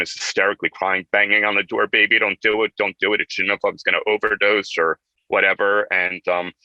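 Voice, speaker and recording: A man's voice: low voice, sharp tone, no room sound, highs cut off. A middle-aged man, a talk-show guest, earnestly and vividly telling a personal story.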